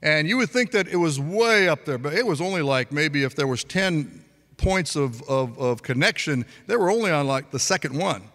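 A man's voice: a little high, expressive, normal speed, a bit bright, in a large hall. A male pastor preaching a sermon, telling a story in a chatty way with frequent laughs and restarts.

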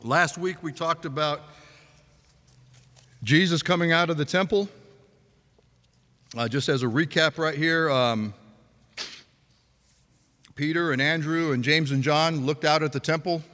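A man's voice: fairly high pitch, measured pace, long pauses, bright, forceful tone. Chuckling preacher man in a big hall. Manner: chatty storytelling, laughs a lot, frequent restarts. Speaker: pastor. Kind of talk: sermon.

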